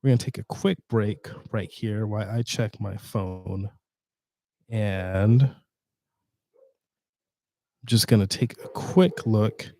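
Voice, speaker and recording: A man hosting a casual screen-share tutorial, chatty and halting with fillers and restarts, sounding tired. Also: fairly low pitch, a little mellow, dry recording. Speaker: tutorial host.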